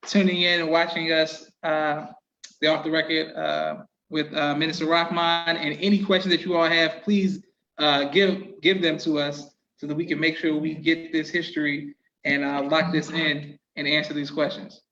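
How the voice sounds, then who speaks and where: Polite high-voiced male podcast host. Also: level tone, normal speed, sharp tone, lo-fi sound, a little hiss or hum. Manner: polite, deferential, often says "yes, sir". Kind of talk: interview questions.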